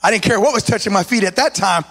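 A man with an East Los Angeles accent preaching a sermon as an animated story, acting out quotes with lots of "like" and "you know". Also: high voice, quick pace, big-room sound.

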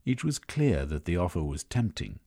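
A man reading a story aloud as narrator, in measured storytelling. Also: low voice, big pitch swings, vocal fry, mellow, slightly rough. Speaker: audiobook narrator. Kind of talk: scripted narration.

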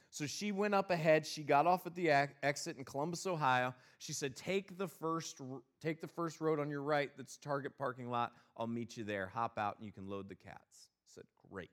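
A male pastor telling a funny personal story, then preaching a sermon with a lively, exasperated manner. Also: a little high, brisk.

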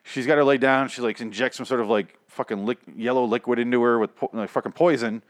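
A man's voice: medium pitch, steady tone, fast talker, no echo. A man giving a casual, sarcastic and profane recap of TV episodes, rambling as he goes. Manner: sarcastic, rambling, heavy swearing. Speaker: show reviewer.

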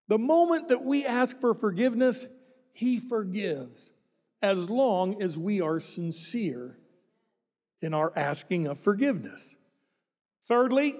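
A man's voice: extremely high pitch, big-room sound. A middle-aged male pastor preaching a sermon with a folksy, joking manner and asides to the congregation.

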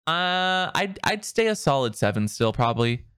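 A man co-hosting a casual chat, playful and teasing, quick to crack jokes. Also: on the high side, sing-song, a bit bright, smooth, no room sound, clean studio sound. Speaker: podcast co-host and online content creator.

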